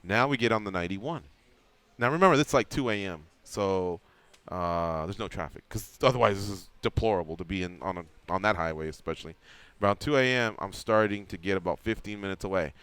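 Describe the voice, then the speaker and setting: A man's voice: low-pitched, fairly quick, clean tone, dry recording. A man hosting a radio show, telling a long anecdote in casual chat and acting out the quotes. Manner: animated storyteller acting out quotes. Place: radio studio.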